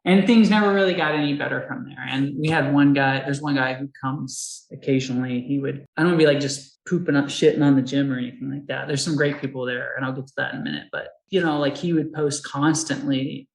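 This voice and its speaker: A woman's voice: very deep voice, steady tone, fast, gravelly, few pauses, echoey room, low-quality recording. A woman who fights and coaches Muay Thai, telling her story candidly in a casual interview, laughing often and acting out the people she quotes.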